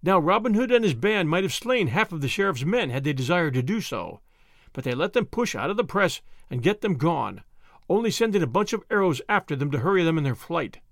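A man reading a classic adventure story aloud in an expressive storytelling manner. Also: a little high, a little fast, no room sound, clean studio sound. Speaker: narrator. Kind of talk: audiobook narration.

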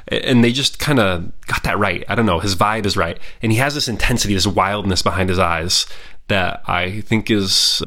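A man with a somewhat low voice talks through a history topic in a casual, opinionated way. He restarts his sentences and hedges as he goes, like a host chatting on his own podcast. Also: fairly bright tone.

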